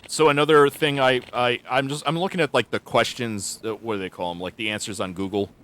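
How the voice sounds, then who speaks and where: A man's voice: mid-range voice, fairly even intonation, fairly quick, fairly bright tone. A man streaming a game live and chatting loosely, rambling with many restarts. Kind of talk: live gameplay commentary.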